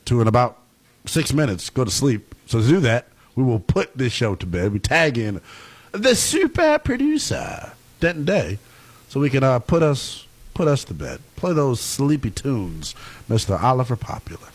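A man hosting a casual sports talk show, talking in an animated way and laughing loudly. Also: mid-range voice, normal speed, slightly rough.

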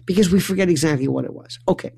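A man telling a rambling comic monologue, repeating and restarting words in quick bursts. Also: creaky, breathy edge. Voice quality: animated, acts out quoted voices with big pitch jumps. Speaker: storyteller.

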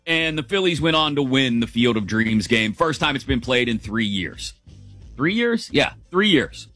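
A middle-aged man holds forth on a morning sports talk show, chatty, opinionated and quick to laugh. His voice sits close and dry on a studio mic, with faint music playing underneath. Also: medium pitch, expressive, bright, forceful tone, no echo. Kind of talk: casual sports radio commentary.

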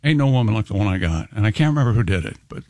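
A man's voice: fairly low pitch, expressive, very fast, a little mellow, no room sound, studio quality. A man co-hosting a radio show, reading listener letters aloud in casual banter and laughing often.

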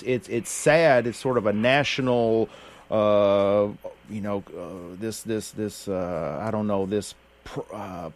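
Folksy mountain man on radio. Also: lowish voice. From Appalachian Kentucky. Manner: unhurried, folksy, many fillers and restarts. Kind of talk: casual radio chat.

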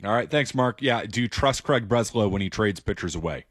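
A man's voice: fairly low pitch, expressive, no room sound, clean studio sound. Opinionated male sports radio host. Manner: opinionated, brisk, takes calls. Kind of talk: call-in sports radio talk.

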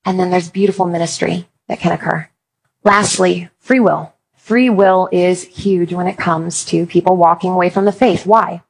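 A woman's voice: fairly low pitch, moderate pace, creaky, husky, poor audio. A woman giving an earnest Christian talk, mixing encouragement with humorous personal stories. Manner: humorous, animated storytelling. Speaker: Christian speaker.

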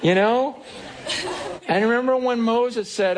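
A pastor preaching a conversational sermon to a congregation, animated and acting out inner voices. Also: male voice, high voice, measured pace, a faint crowd. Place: church stage.

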